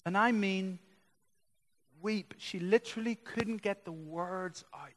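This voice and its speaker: A man preaching a sermon as a pastor, building to loud, impassioned passages. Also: high voice, unhurried. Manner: impassioned preaching that swells louder. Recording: long reverb of a large hall.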